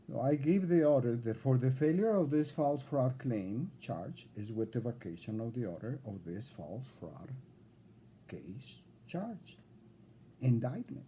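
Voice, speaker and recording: Man, indignant and lecturing, with a very mellow, dark tone and a little background hum. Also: mid-range voice. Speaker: self-represented litigant addressing a judge. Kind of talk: recorded complaint video.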